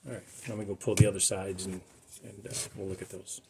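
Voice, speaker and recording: A middle-aged man with a fairly low voice talks casually through a car restoration job, rambling into asides and small self-deprecating jokes. The recording carries clear background noise from the workshop around him. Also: flat delivery, fast.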